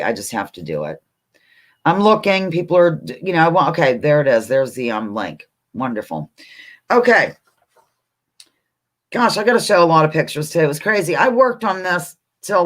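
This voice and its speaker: A woman hosting a live trivia stream from her computer, chatting with viewers and reading answers aloud. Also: sits low. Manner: chatty, narrates her own actions, excitable. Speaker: livestream host running a trivia game. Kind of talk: casual live-stream chat.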